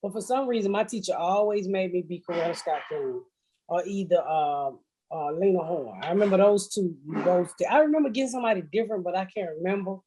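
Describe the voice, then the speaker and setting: A woman's voice: fairly low pitch, fast, dark tone, a little hiss or hum, low-quality recording. A woman hosting a podcast, telling blunt, profane comic stories in casual chat and laughing through them. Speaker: podcast host. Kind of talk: casual comedic storytelling.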